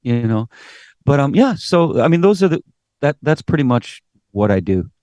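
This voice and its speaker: A middle-aged Canadian man with a Canadian accent, a singer guest in a casual interview, telling animated stories, acting out quotes and swearing casually. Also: medium pitch, moderate pace, no room sound, studio quality.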